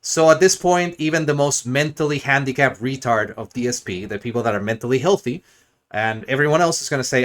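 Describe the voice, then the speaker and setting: Male streamer, mid-pitched, crude and sarcastic, rambling mocking rant. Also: fairly quick, fairly bright tone.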